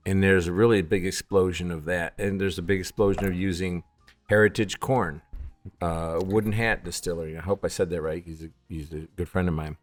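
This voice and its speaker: Animated storytelling man, lowish voice. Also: fairly quick, soft background music. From Upstate New York. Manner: animated storyteller acting out phone calls in other voices. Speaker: distillery founder, guest. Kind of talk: casual storytelling in a podcast interview.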